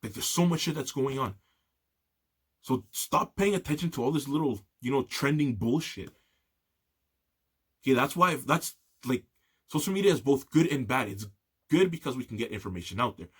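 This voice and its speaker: A man's voice: mid-range voice, a bit bright, slightly rough. A young man hosting a solo talk show, ranting heatedly with lots of swearing and a repeated "okay". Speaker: podcast host.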